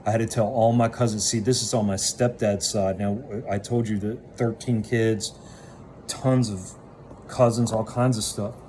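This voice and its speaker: A man's voice: on the low side, mellow, slight background noise. A man casually recounting his own past in a candid, blunt way that includes swearing. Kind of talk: casual first-person storytelling.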